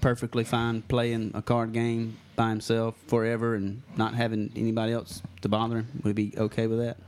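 A man's voice: fairly low pitch, completely flat delivery, fairly quick, darkish tone, slight background noise. Man, podcast co-host, casual chat, teasing, jokey.

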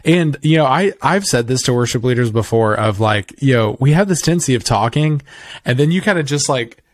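A man's voice: medium pitch, lively intonation, brisk, dry recording. A man hosting a casual podcast conversation, chatty and rambling, often correcting himself mid-sentence. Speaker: podcast host.

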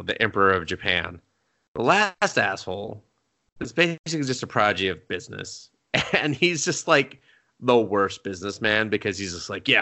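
A man co-hosting a podcast in casual chat, animated and profane, laughing often as he recaps shows over a remote call. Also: on the low side. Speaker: podcast co-host.

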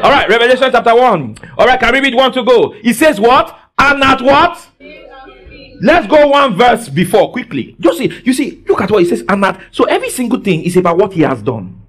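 A man preaching a sermon in a church service. He quizzes the congregation call-and-response style and often bursts into shouts. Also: very high-pitched, very animated, fairly quick.

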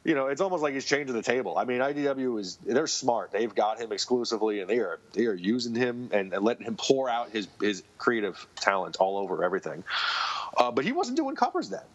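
A comic book writer appears as a podcast guest, his medium-pitched voice swinging widely and running a little fast. He tells stories in casual conversation, rambling and often restarting sentences, on a dull lo-fi recording.

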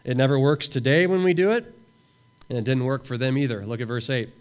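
A man's voice: medium pitch, animated, a little fast. A man preaching a sermon as a pastor at a camp, reading scripture aloud and voicing imagined prayers with earnest emphasis. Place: camp meeting room.

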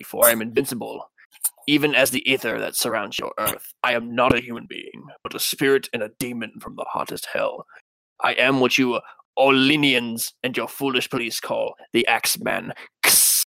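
A man's voice: creaky, sharp tone, dry recording, low-quality recording. A young man putting on a spooky voice to play a boastful male demon spirit reading out his threats. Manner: low spooky storytelling voice, theatrical. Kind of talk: dramatic reading of a letter.

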